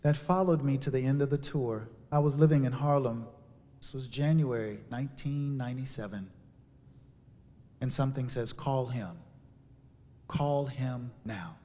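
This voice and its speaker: A man telling a personal story as a sermon, with dramatic shifts from hushed to loud. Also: mid-range voice, normal speed. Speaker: speaker. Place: church sanctuary. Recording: long hall reverb.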